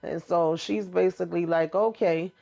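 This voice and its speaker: A woman's voice: lowish voice, fairly even intonation, moderate pace, gravelly, mellow. A woman hosting a casual TV episode recap, chatty, swearing mildly and talking straight to her viewers. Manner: chatty retelling with frequent mild cursing; addresses viewers directly. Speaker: TV recap host.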